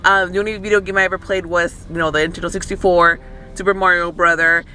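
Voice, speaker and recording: A man's voice: high-pitched, flat delivery, fast, bright, forceful tone, slight background noise. A man casually reviewing a film from inside his parked car, rambling with many fillers. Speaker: movie review vlogger. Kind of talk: casual chat.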